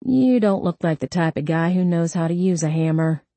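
A woman voicing a tough female police detective who stays calm and cutting while questioning a suspect. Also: on the low side, normal speed, no room sound. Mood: cool. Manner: calm and cutting, quietly menacing.

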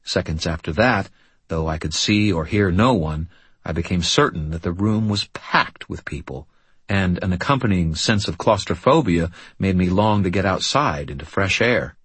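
Deep, husky male audiobook narrator. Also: expressive, normal speed, a bit bright, no room sound. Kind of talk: first-person audiobook narration.

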